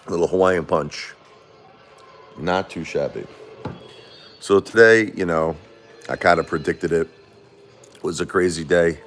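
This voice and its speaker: A man, chatting casually and rambling on a livestream, laughing often. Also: extremely low pitch. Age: 40s. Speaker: livestream host.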